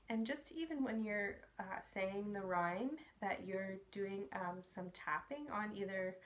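A young woman leading parents through nursery rhymes and songs for babies, gentle and encouraging. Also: medium pitch. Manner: gentle, encouraging, sing-song. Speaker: early years program facilitator.

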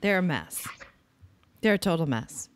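A woman's voice: low voice, lively intonation, measured pace, no echo. A woman hosting a podcast, giving blunt, opinionated views in casual political chat. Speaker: podcast host.

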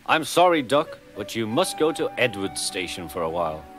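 A man voicing a stern but fair male railway boss in a storybook reading, speaking with measured authority. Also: lowish voice, sing-song, over music. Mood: kindly.

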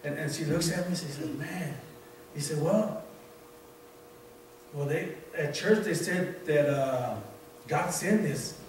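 A man giving an informal sermon as a church elder, telling a story from work with many halting restarts. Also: on the high side, far from the mic. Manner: repetitive, halting restarts, conversational. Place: church sanctuary. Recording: very echoey room, voice off-mic, faint noise.

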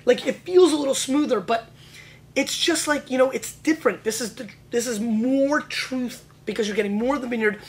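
A man hosting a wine tasting show, talking in excitable, joking, rapid bursts. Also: extremely high pitch, rough recording. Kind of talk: casual wine tasting chat.

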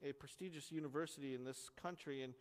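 A pastor giving an expository sermon, explaining a text earnestly and leaning hard on key words. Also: male voice, medium pitch, fast talker, in a large hall. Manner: earnest, explanatory teaching with strong emphasis.

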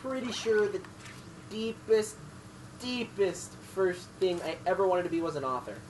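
Give me a relaxed man commenting on a video game with friends, his thoughts wandering and restarting. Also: high voice, a little slow, a little hiss or hum, poor audio. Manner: rambling, full of "like" and restarts. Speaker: let's play commentator. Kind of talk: casual chat over gameplay.

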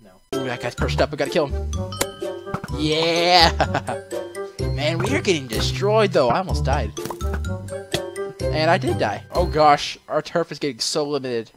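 A man hosting a gaming channel, giving excitable play-by-play commentary and yelping when he is in danger. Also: on the high side, measured pace, pauses often. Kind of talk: gameplay commentary. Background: game music.

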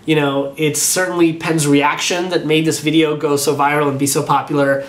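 A man's voice: a little high, moderate pace. A man commenting casually on a video of his own performance, acting out what he was thinking at the time. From Orlando-based. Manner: animated, acts out his own inner thoughts. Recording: echoey room.

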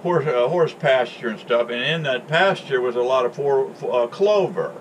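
A man's voice: mid-range voice, lively intonation, normal speed, a little hiss or hum. Male host, folksy storyteller, chatty and joking, rambling asides. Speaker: channel host.

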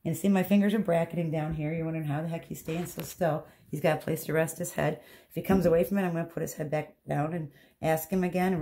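A woman's voice: lowish voice, darkish tone. A woman dog groomer giving a hands-on grooming tutorial, chatty and reassuring, talking to the dog as she explains. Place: grooming room, indoors. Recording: echoey room with faint background noise.

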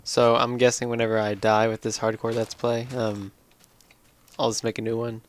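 A tired young man slowly rambling through casual commentary on his own game. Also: mid-range voice, monotone. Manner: slow, drowsy, rambling. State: tired, yawning. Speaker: let's play gamer.

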